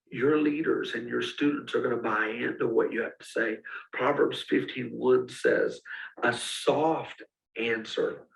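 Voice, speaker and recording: A man's voice: mid-range voice, gravelly, a bit bright. A man giving a casual, direct teaching talk to student ministry leaders. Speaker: youth ministry coach. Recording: roomy, speaker far from mic.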